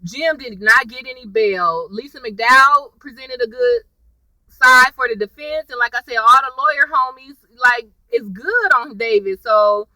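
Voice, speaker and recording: A chatty woman gossips her way through a TV episode recap, throwing in plenty of y'alls. Her voice is bright, sharp and a touch high. The sound is close and dry. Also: a little slow, dry recording, low-quality recording. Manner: chatty, sassy, addresses viewers as y'all. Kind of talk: casual recap chat to viewers.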